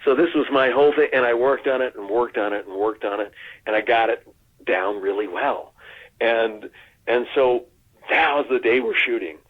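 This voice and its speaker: A man's voice: mid-range voice, normal speed. Man telling stories over a tinny line. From United States. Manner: animated anecdote-telling, lots of restarts and acted-out quotes. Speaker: actor guest. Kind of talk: casual interview storytelling. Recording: phone-like narrow sound.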